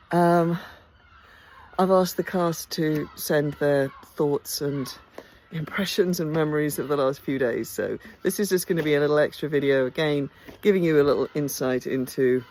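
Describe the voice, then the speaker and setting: A woman's voice: low-pitched, a little mellow, slight background noise. A tired woman chatting enthusiastically in a casual behind-the-scenes vlog, full of ums and restarts. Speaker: theatre company director. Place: outdoors by a house.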